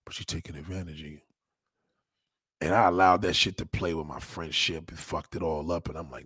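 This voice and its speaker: A man talking casually on his livestream, rambling and emphatic, swearing often and swinging between loud and quiet. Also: a bass voice, fairly even intonation, fairly quick, husky, dry recording, clean studio sound. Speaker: livestreamer taking donations.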